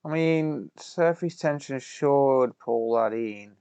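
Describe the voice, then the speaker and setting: A man's voice: mid-range voice, slow, a little mellow, clean tone, dry recording. A man, chatting casually with viewers while doing repair work, swearing under his breath and bantering. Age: 30s. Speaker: repair streamer. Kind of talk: casual live-stream chat while soldering.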